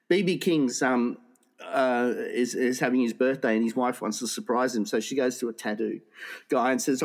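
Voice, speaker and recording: A man telling a string of off-color jokes in a relaxed chat, circling back and restarting his sentences as he goes. His voice sits in an ordinary middle pitch, and he laughs at his own punchlines. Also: moderate pace. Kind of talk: casual joke-telling.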